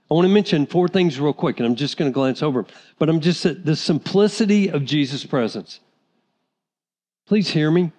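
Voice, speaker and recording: A man preaching a sermon as pastor, animated, sometimes acting out the voices of people in the story. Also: a little high. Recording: reverberant hall.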